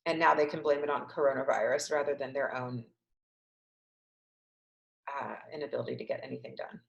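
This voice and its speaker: A woman's voice: extremely low pitch, steady tone, a little fast, vocal fry, roomy sound, lo-fi sound. A woman coaching a group webinar through a tapping session, leading repeated affirmations in an emphatic voice and sighing along. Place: home, on a webinar. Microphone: video call webcam.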